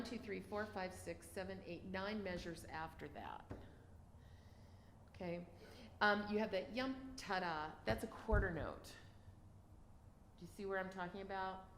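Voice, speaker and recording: A woman teaching a piano masterclass, effusive in her praise and breaking into sung rhythms to show phrasing. Her voice sits at a middling pitch and rings in a roomy space. A faint hiss stays in the background. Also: steady tone, normal speed, long pauses. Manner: effusive, sings rhythms aloud while explaining. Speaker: piano adjudicator. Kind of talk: masterclass feedback. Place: piano gallery room.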